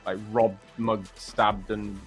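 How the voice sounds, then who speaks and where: A man's voice: lowish voice, little pitch movement, slow pace, soft background music. A man hosting a live stream, joking around, laughing often and calling people bro and mate. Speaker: stream host. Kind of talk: casual banter on a live stream.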